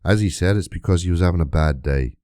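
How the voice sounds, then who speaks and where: A man's voice: sits low, quick pace, warm tone, a little hiss or hum. A man delivering an indignant, emphatic monologue to camera, full of rhetorical questions. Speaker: YouTube creator.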